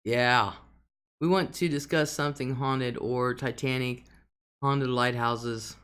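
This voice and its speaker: A woman's voice: very deep voice, steady tone, slow pace, fairly bright tone, clean tone. A middle-aged woman hosting a casual livestream, reading out viewer comments and laughing often. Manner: chatty, laughs often, drawls some words. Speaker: livestream host.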